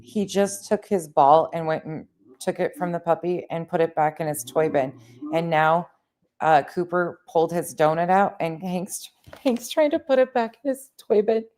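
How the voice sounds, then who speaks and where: A woman's voice: on the low side, normal speed, a little mellow. A woman co-host chatting casually on a live stream, giving amused running commentary and swearing casually.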